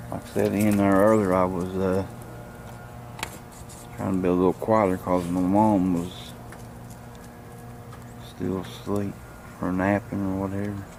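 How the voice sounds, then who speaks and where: A man vlogging casually with a camcorder, chatting to his dogs and hushing his voice indoors. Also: sits low, level tone, normal speed, pauses often, slight background noise. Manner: talks to his dogs in a coaxing voice, drops to a hush indoors. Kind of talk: casual vlog narration to camera. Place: house indoors, then backyard outdoors. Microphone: handheld camcorder mic.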